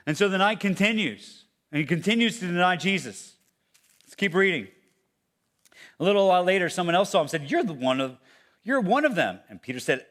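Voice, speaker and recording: Conversational preacher, slightly high voice. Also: male voice, sing-song, brisk. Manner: conversational preaching, swings from loud to hushed. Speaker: pastor. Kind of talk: sermon. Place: church.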